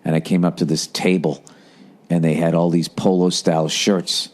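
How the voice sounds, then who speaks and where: A middle-aged man with a somewhat low voice, telling a comic story in a loose, profane, conversational way. He is a comedian hosting his own podcast, rambling along with plenty of asides. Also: flat delivery, moderate pace, darkish tone.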